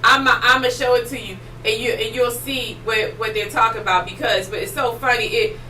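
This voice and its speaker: Woman host, excitable rambling storyteller, high bright voice, roomy distant mic. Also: fairly quick. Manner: excitable, rambling, many fillers. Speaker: podcast host. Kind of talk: casual storytelling chat. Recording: roomy echo, distant mic, faint noise.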